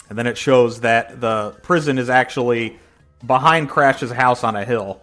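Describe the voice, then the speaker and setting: A man's voice: mid-range voice, steady tone, a little fast, a bit bright, soft background music. Man casually reading a comic aloud. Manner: loose, rambling, many fillers. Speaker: reader.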